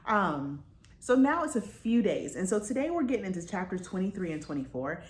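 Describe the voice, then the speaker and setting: Speaking at a medium pitch and a slightly fast clip, this book vlogger is very animated as she chats with her audience about a book. Her talk is loose and full of tangents, captured in a roomy space with faint noise behind her.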